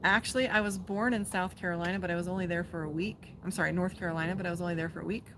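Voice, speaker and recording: A woman's voice: on the low side, steady tone, very fast, noisy background. A woman from Las Vegas doing a casual live-streamed tarot reading outdoors by a pool. She is chatty and swears freely, and she breaks off to talk to her dog. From Las Vegas, USA. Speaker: tarot reader and psychic.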